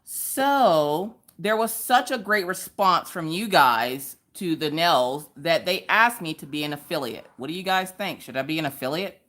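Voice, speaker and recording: A woman with a Southern US accent, hosting a casual live stream and chatting loudly with viewers, jumping to high squeals when she greets them. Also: expressive, unhurried, few pauses.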